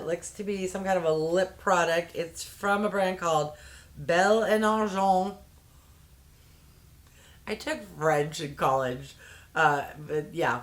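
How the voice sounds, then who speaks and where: A woman reviewing a beauty subscription box in a candid, chatty way with quick exclamations. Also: on the low side, a bit bright. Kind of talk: casual unboxing chat.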